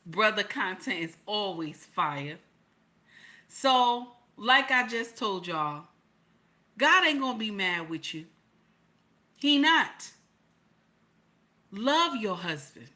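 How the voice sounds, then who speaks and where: Woman, livestream host, bright and forceful tone, blunt and colloquial, repeats lines for emphasis, lots of rhetorical questions. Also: medium pitch, big pitch swings, slow. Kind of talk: preachy livestream commentary.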